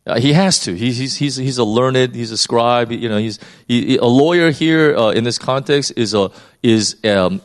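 A man's voice: medium pitch, normal speed. A man preaching in a conversational Bible-teaching style, often repeating words as he thinks.

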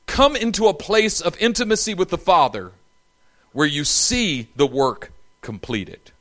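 A man preaching a sermon, telling the story in an animated, humorous way. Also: a little high, measured pace.

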